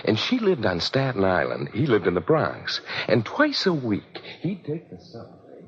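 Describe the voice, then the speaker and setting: An actor playing a chatty hospital patient telling an anecdote. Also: male voice, on the low side, wildly swooping pitch, normal speed. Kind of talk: 1950s radio drama acting. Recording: dull lo-fi old radio broadcast.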